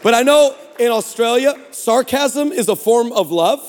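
High-voiced man preaching with jokes. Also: normal speed. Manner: animated, sarcastic, joking. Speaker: guest preacher. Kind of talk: comedic storytelling sermon. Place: large church hall. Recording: long hall reverb.

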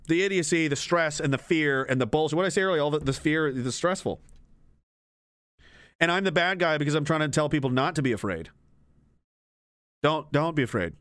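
A man's voice: on the high side, dry recording. A man streaming and reading chat, ranting casually with lots of swearing and frequent laughter. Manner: animated, laughs often, swears freely. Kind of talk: casual profane rant.

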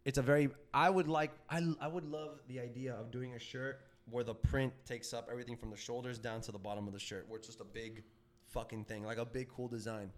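A man's voice: mid-range voice, steady tone, a little fast. A young man in casual podcast chat, loose and profane, full of fillers and restarts. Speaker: podcast co-host, band member.

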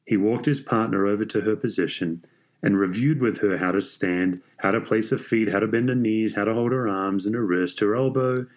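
Man, low voice, story narration, measured and even.

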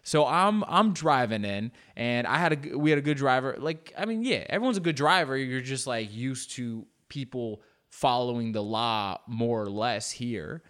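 A man's voice: mid-range voice, lively intonation, normal speed, hardly any pauses, fairly bright tone. A man telling a loose, rambling comic story with many fillers and playful asides. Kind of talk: storytelling comedy monologue.

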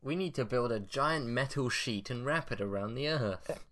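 Mock-serious man with a lively voice. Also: medium pitch, moderate pace. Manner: dry, mock-serious, reads news aloud. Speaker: podcast co-host. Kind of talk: casual comedic chat.

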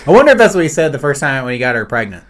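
A man's voice: mid-range voice, big pitch swings, very fast. A man co-hosting a comedy podcast, joking crudely in casual banter. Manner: joking, crude, acts out voices. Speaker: podcast co-host.

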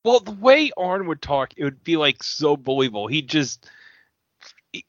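A man's voice: fairly high pitch, big pitch swings, normal speed, dry recording. A man co-hosting a casual chat, hesitant and searching for words. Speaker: co-host. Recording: dull, dry lo-fi recording.

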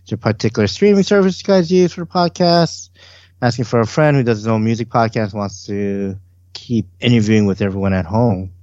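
A man co-hosting a casual podcast, talking in a relaxed, rambling way with many fillers. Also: fairly low pitch, fairly quick, no echo, dull audio. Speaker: podcast co-host. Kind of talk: casual chat.

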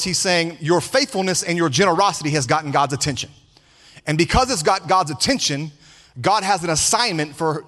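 A man's voice: fairly high pitch, a bit bright. A male pastor preaching a sermon, calling for responses from his congregation and repeating himself for emphasis. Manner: preaching with call-and-response, repetitions. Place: church sanctuary with congregation. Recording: long reverb of a large hall.

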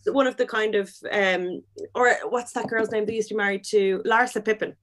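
A woman's voice: mid-range voice, fairly even intonation, a little fast, a bit bright. A young woman chatting casually about reality TV, gushing and giggly, often laughing mid-sentence. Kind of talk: casual chat.

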